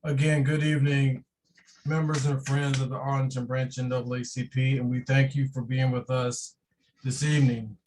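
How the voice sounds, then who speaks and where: A man's voice: mid-range voice, moderate pace, slight background noise, rough recording. A man hosting a virtual membership meeting, speaking steadily with some fillers. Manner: even, steady delivery with fillers. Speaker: branch president hosting a meeting. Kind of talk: opening remarks at a virtual meeting.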